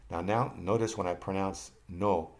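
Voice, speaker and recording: A man teaching over slides, patient, pausing for listeners to repeat after him, with the odd restart and self-correction. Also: low voice, steady tone. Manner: patient, repeats phrases for learners to copy. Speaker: language teacher. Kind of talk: slide-based lesson narration.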